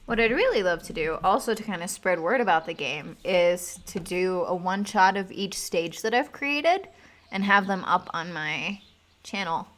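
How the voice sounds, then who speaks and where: A woman's voice: fairly low pitch, lively intonation, moderate pace, a bit bright. A young woman streamer chatting casually on a live stream, rambling with lots of fillers and swearing freely. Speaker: streamer and game designer.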